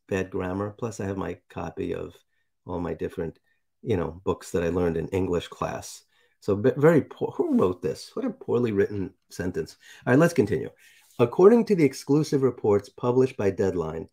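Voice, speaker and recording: A man's voice: lowish voice, vocal fry, mellow. New york guy riffing on articles, sarcastic, picky about grammar, chatty. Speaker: commentary host. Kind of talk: casual commentary reading articles aloud.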